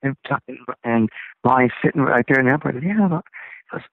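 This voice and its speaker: A man, a rock singer, telling stories as an interview guest, acting out other people's lines in excited, high voices. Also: normal speed, no room sound. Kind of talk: casual storytelling interview. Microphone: phone. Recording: tinny, dry phone line.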